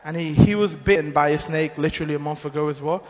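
Male, earnest testimony-teller, loose rambling delivery, a bit high-pitched, echoing church hall. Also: quick pace. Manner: earnest, rambling storytelling with many restarts. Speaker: mission team member giving testimony. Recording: long hall reverb.

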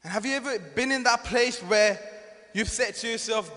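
High voiced guy preaching a sermon, loud then hushed, echoey hall. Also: normal speed. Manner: impassioned, swings from loud proclaiming to hushed tones.

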